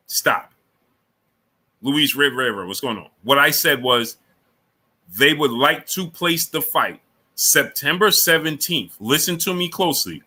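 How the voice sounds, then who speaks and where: A man's voice: mid-range voice, sharp tone. A man hosting a live boxing stream, lecturing a viewer, repeating himself and greeting chatters by name. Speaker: boxing channel host.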